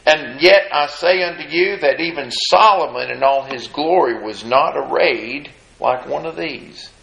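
Preacher guy, gravelly, kinda high voice, folksy questions to the congregation, echoey room. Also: fairly bright tone. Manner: reads scripture in measured King James cadence. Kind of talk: sermon.

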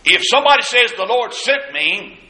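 A man's voice: extremely high pitch, sing-song, normal speed, bright, forceful tone. A man preaching a sermon, dramatically acting out the scripture quotes. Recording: echoey church room.

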